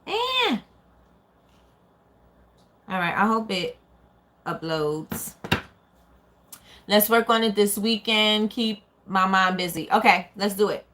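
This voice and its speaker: A woman's voice: medium pitch, fairly even intonation, a little slow, pauses often, fairly bright tone, slight background noise. A woman hosting a casual live stream, chatting and answering viewer comments as they come in. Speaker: small business owner hosting a live stream.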